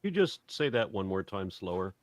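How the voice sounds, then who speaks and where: A man hosting a casual online panel discussion, reading out viewer comments in a wry, lively way over a video call. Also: low-pitched, normal speed, a crowd in the background.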